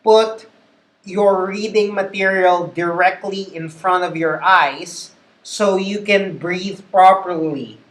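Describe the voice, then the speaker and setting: A man's voice: high voice, steady tone, slow pace, a bit bright. A man with a Filipino accent, a call center trainer who gives patient instruction and repeats his key points. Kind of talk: instructional talk. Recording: echoey room.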